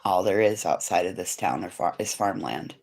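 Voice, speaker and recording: A woman's voice: extremely low pitch, expressive, normal speed, a little mellow, husky. A woman chatting casually and frankly with live viewers from her home, swearing freely as she rambles. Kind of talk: casual livestream chat. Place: at home indoors, living room.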